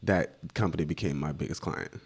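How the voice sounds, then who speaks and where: A man with a low voice talks through his path into photography in a relaxed interview. He slips into livelier imitations of the people he quotes as he tells it. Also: brisk, husky. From United States. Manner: animated storyteller acting out quoted voices. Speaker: guest photographer. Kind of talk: casual storytelling interview. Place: studio set.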